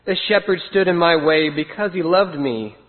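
A man's voice: on the high side, moderate pace, close to an everyday voice. A man voicing a timid, lost little male sheep who talks in a worried, pleading way. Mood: worried, sad. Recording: tinny phone-like sound with long reverb.

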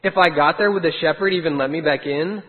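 A man doing a frightened little lost sheep from a rhyming storybook, worried and pleading. The voice sits high and comes through a thin, phone-like line with a long, hollow reverb. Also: fast talker, natural voice. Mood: worried, sad.

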